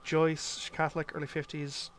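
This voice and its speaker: A man's voice: on the high side, monotone, moderate pace, fairly bright tone, a little hiss or hum. A man streaming a detective game, casually thinking aloud and muttering through clues. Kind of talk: casual live-stream commentary.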